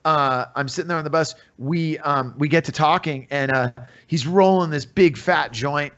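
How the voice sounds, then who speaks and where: With lo-fi sound, a fairly high-pitched man talks at normal speed. The middle-aged American musician and comedian is a podcast guest in a relaxed storytelling interview, bringing each quoted person to life with their own voice.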